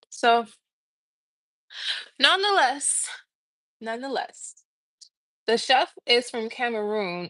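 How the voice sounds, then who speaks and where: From her home kitchen, a young woman streams live in the morning, eating while she laughs and tells chatty stories. Her voice sits in the middle range with noticeable vocal fry. The phone mic picks up no echo.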